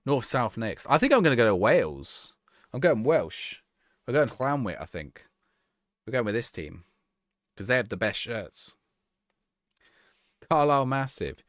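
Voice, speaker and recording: Young man, live game streamer, lively pitch, dry close sound, rambling chat. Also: unhurried, long pauses, dry recording. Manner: chatty, rambling, laughs easily. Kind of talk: casual gameplay commentary, reading chat.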